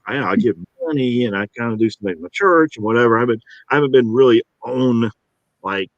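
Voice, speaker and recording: A man's voice: fairly low pitch, no echo, highs cut off. A man with a Georgia accent, an easygoing and chatty voice actor being interviewed. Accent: Georgia, US South. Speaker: voice actor guest. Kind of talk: casual interview talk.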